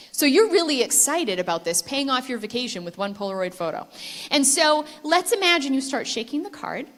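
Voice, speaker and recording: A woman giving a conference keynote speech, telling stories in a lively way and putting questions to the audience. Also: on the high side. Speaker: keynote speaker. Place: conference stage before a live audience.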